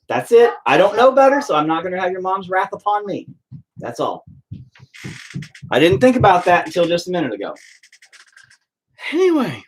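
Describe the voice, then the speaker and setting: A man's voice: on the high side, husky. A man chatting at home while painting, rambling through a profane, opinionated rant.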